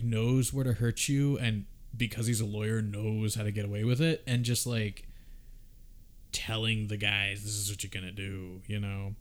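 A man hosting a casual film discussion podcast, talking in an animated, profane way. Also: fairly low pitch. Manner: animated, profane, acts out the characters' lines. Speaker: podcast host.

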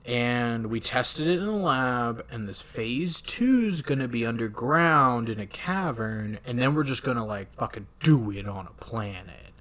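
Dude ranting about a movie, slow easy talk, cussing a lot, does the character voices. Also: male voice, medium pitch. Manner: profane, animated, acts out characters. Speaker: podcast co-host. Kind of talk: casual movie recap chat.

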